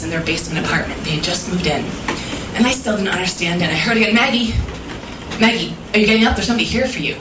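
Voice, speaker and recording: A young woman telling an earnest, emotional personal story on a stage, heard from a distance. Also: mid-range voice. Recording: roomy live recording from far off, audible noise.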